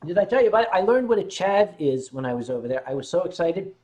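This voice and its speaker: Male stream host with a high voice, playful and quick to joke, reads chat aloud. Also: sing-song, mellow. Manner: joking, reads viewer comments aloud. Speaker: livestream host. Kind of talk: casual livestream chat.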